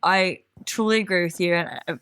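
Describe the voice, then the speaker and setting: An Australian woman hosting a podcast interview, agreeing warmly and relating to her guest in long, run-on sentences. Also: on the low side, expressive, moderate pace, clean tone, dry recording, studio quality. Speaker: podcast host. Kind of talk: conversational interview.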